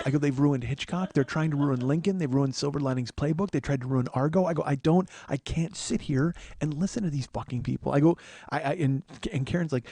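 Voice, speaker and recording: A man's voice: on the high side, warm tone. A middle-aged man telling a comic story as a podcast host, ranting with frequent swearing and exasperation. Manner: profane, exasperated rant. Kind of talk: storytelling monologue.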